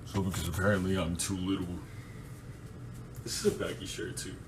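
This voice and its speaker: A man talking to camera at home in a sarcastic, deadpan bragging way. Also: low-pitched, a little fast, background noise. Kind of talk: casual social media video.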